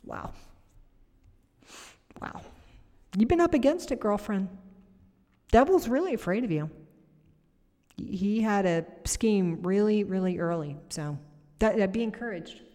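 A woman's voice: medium pitch, animated, takes it slowly, long pauses, mellow, long reverb tail. A middle-aged woman preaching and praying over viewers on a livestream, talking conversationally and reading comments aloud. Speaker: prayer minister on a livestream.

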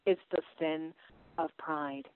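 A middle-aged woman preaches to a gathering of sisters, hammering out question after question and then sinking to a hushed, intense hush. Her voice comes through narrow and tinny like a phone line, and completely dry. She slips easily into homespun stories from her own home. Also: low-pitched, fairly even intonation, slow, smooth, dry recording. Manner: emphatic, piles up rhetorical questions, drops to soft intensity; folksy personal storytelling. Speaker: women's Bible teacher. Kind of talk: preaching sermon.

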